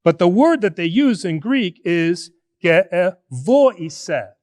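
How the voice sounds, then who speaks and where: High-voiced man preaching a sermon. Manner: animated, conversational preaching with drawn-out emphasis. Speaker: priest. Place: church.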